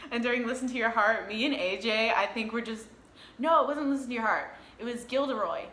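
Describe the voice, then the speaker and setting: Young woman, high bright voice, animated storytelling, echoey room, casual swearing. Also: a little fast. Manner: animated, swears freely, acts out her own reactions. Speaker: vlogger.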